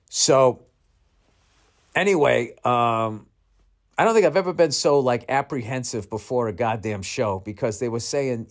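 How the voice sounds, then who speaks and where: A middle-aged male comedian telling a rambling, profane, self-mocking story in a podcast monologue. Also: medium pitch.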